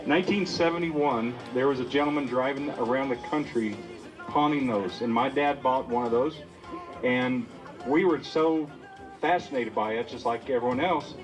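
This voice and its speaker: A man's voice: medium pitch, normal speed, music in the background. A man who runs the restaurant, telling a folksy story to a crowd in an easygoing way with a few fillers. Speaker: restaurant owner. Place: busy restaurant event.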